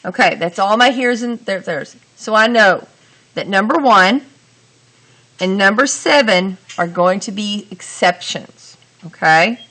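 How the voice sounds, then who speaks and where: Woman teacher, unhurried and bright-toned, walks students through each sentence step by step. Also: mid-range voice. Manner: slow, deliberate, talks through each step. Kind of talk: grammar lesson.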